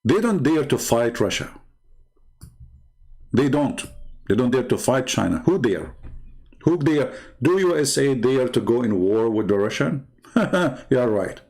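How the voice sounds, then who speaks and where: A man's voice: medium pitch, lively intonation, measured pace, pauses often, a little mellow. Sarcastic man giving political commentary. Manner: sarcastic, mocking, laughs often. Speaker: channel host.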